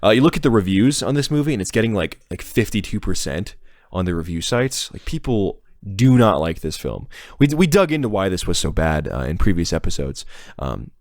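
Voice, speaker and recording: A man's voice: sits low, sing-song, a little fast, darkish tone, dry recording, studio quality. A man hosting a podcast in casual, mocking chat, often repeating words as he goes. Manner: mocking, sarcastic, repeats words while searching. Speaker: podcast host.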